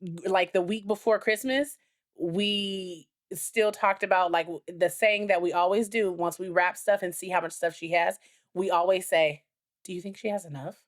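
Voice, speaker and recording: A woman co-hosting a married couple's podcast, telling stories in a rambling, animated way with many fillers. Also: on the low side, moderate pace. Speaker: podcast co-host. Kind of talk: casual chat.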